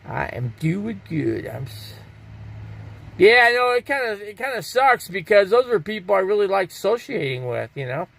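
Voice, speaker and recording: Older guy from arizona rambling on his live stream, gravelly, kinda high voice, reads chat out loud. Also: lively intonation, moderate pace. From Scottsdale, Arizona. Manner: rambling, reads viewer chat aloud and answers it.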